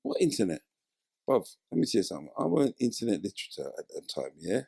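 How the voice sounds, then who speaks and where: A man's voice: on the low side, fast talker, vocal fry, husky, no room sound, clean studio sound. A man, telling his story in a casual interview and acting out the voices of people in it. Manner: animated, acts out voices in his stories. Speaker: interview guest, former footballer.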